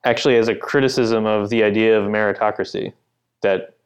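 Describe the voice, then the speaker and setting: A man's voice: on the low side, fairly even intonation, a little fast. A man, the author guest on a podcast, talking in a thoughtful and hesitant way with many fillers. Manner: thoughtful, hesitant, laughs easily. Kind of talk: casual podcast chat.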